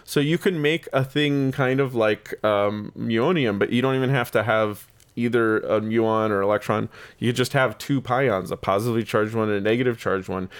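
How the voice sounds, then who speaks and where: An eager male host in casual science chat, rambling through explanations with frequent laughter. His voice sits at an ordinary middle pitch. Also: moderate pace, smooth. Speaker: podcast host.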